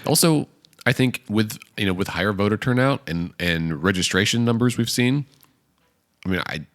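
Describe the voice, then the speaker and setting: Male podcast co-host with a very deep voice, thinking aloud through a loose political chat while hiccuping. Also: lively intonation, moderate pace, a bit bright. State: has hiccups.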